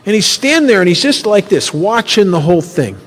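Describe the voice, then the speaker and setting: A man speaking at a recovery workshop, telling personal stories in an animated, repetitive way. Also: sits high, a little fast. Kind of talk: personal storytelling talk. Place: workshop hall. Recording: reverberant hall.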